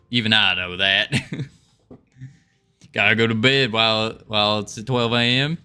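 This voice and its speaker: Low-ish guy on a game dev stream, slow and chill, chuckles a lot, faint music behind. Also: smooth. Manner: chuckles often, relaxed and rambling. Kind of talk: casual livestream chat, reading chat aloud.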